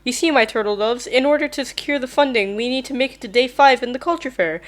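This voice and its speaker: A woman's voice: high voice, fast, natural voice. A woman voicing a cheery, manic male school principal, reading game dialogue aloud in a theatrical announcer manner.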